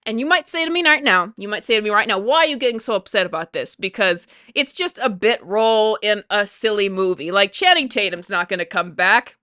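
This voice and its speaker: A woman giving an opinionated, indignant commentary, animated and repeating herself as she argues. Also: medium pitch, brisk, few pauses, clean tone, no room sound. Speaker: YouTube commentator. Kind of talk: opinionated reaction rant.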